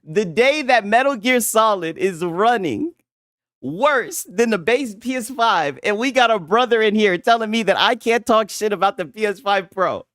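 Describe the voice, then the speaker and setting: A man's voice: high-pitched, lively intonation, normal speed, fairly bright tone, no echo, studio quality. A man hosting a casual gaming livestream, mocking his audience with frequent laughter and profanity. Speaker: gaming commentary streamer.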